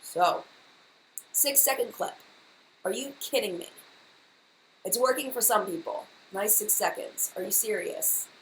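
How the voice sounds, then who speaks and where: A woman's voice: medium pitch, lively intonation, unhurried, long pauses. Flustered chatty woman in an echoey room. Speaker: beauty YouTuber hosting a live chat. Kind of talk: casual live-stream chat. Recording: echoey room with faint background hiss.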